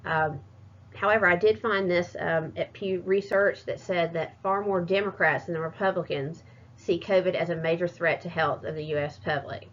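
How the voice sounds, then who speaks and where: A fairly low-voiced woman talks through a class presentation, hesitating often and stopping to restart. The recording is muffled and lo-fi. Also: fairly even intonation, moderate pace, a bit bright. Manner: hesitant, many fillers and restarts. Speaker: student presenter.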